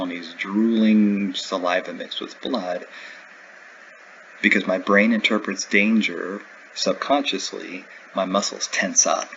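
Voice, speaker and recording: Man, very low voice, lecture review, conversational, dull lo-fi sound with faint hiss. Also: vocal fry, fairly bright tone. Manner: conversational, with everyday examples. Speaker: instructor. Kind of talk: recorded lecture.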